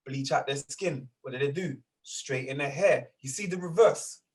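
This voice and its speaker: A man's voice: medium pitch, moderate pace. A man in his thirties with a London accent, chatting as a guest in a casual interview, emphatic and full of slang. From England. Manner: animated, emphatic, full of street slang and repeated asides. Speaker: grime artist guest.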